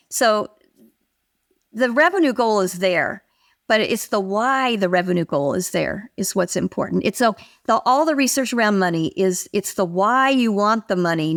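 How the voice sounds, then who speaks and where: An older woman speaks as a guest expert in a conversational interview. Her delivery is animated, and she slips into the voices of the people she quotes as she tells her stories. Her pitch sits in an ordinary middle range.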